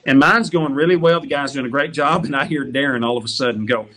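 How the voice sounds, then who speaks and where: A man's voice: mid-range voice, fast, a bit bright. A man telling funny road stories as a guest on a talk show, laughing as he goes. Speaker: guest musician. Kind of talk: casual storytelling on a talk show.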